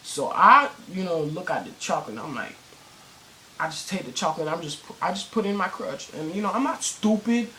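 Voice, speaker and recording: A man's voice: high-pitched, lively intonation, a little fast, bright, forceful tone, a little hiss or hum, poor audio. A teenage boy telling a story in a casual vlog, rambling with many fillers and restarts and plenty of cursing. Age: teens. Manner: cursing, slangy.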